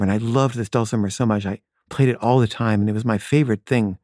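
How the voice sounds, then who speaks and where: A man tells a personal story in a candid, wry, conversational way. His voice is mellow and relaxed, and it sits at an everyday middle pitch. The sound is dry and close, with little room echo. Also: fairly quick, few pauses.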